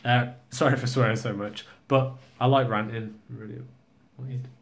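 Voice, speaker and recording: A man's voice: mid-range voice, steady tone, normal speed, creaky. A young man vlogging casually, rambling, joking and swearing a lot. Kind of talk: casual vlog rant.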